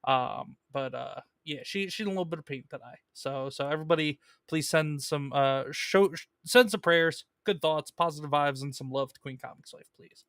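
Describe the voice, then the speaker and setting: A man hosts a casual comic book live stream, reading chat messages aloud and talking loosely with plenty of fillers. His voice sits a little high and sounds bright and forward. The recording is dry and close to the mic. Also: moderate pace, smooth, no room sound. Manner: chatty, with many fillers and restarts, reads viewer messages.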